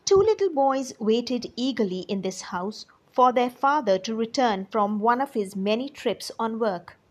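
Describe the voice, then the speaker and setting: A woman reading a true story aloud to children, in an expressive storytelling manner and speaking directly to her young listeners. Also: fairly high pitch, measured pace.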